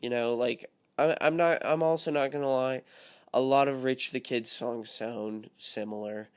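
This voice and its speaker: A man's voice: medium pitch, fairly even intonation, measured pace, clear, resonant tone. Young dude ranting on his podcast, swears constantly, lots of likes and you knows. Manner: rambling, profane, heavy filler words. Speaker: podcast host. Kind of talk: casual solo podcast rant.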